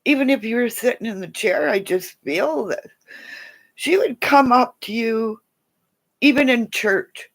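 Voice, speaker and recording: A woman chatting casually to viewers on a livestream, rambling and sometimes dropping into soft whispers. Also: fairly high pitch, a little slow. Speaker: livestream host.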